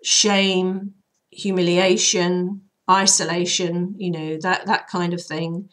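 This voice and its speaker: A woman with a lowish, hoarse voice talks her listeners through a healing method. She speaks in a loose, rambling, friendly way, full of fillers and restarts. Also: little pitch movement, slow, fairly bright tone. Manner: chatty, rambling, loose guiding talk with fillers. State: voice hoarse and troubled. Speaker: healer and channel host. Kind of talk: casual spoken guidance.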